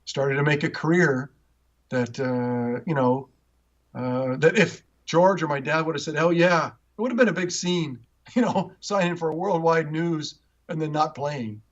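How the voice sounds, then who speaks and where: A man telling personal stories in an interview, earnest and rambling, with frequent restarts, rising in pitch when moved. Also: a little slow. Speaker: interview guest, author. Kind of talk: personal storytelling in conversation. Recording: dull, muffled audio.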